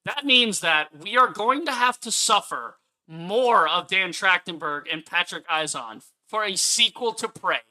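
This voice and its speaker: A man's voice: high voice, expressive, measured pace, pushed and bright. A man ranting angrily on a live stream as he reviews a film, swearing often and repeating his points for emphasis. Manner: angry, profane ranting.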